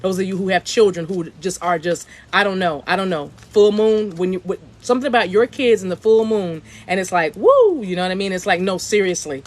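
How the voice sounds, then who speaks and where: A woman with a fairly low voice speaks a little fast and barely pauses. She's a spiritual reader livestreaming from her outdoor deck, chatting casually, repeating her phrases and moving into chanted light language.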